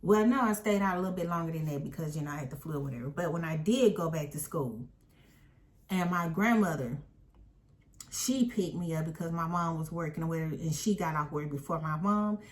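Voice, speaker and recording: A woman casually telling a personal story in an animated, emphatic way. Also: low-pitched, brisk. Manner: animated, emphatic retelling with quoted voices.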